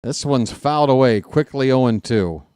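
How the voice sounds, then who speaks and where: A man's voice: mid-range voice, normal speed, dark tone, clean tone, no room sound, studio quality. A man doing live fan play-by-play of a baseball game, chatty and joking, openly rooting for his team.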